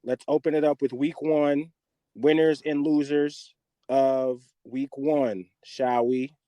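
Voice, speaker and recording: A man from the American West Coast, hosting a podcast, takes his time as he goes off about football, cursing constantly in an animated rant. His pitch is medium and there's no echo. The setting is casual sports podcast talk.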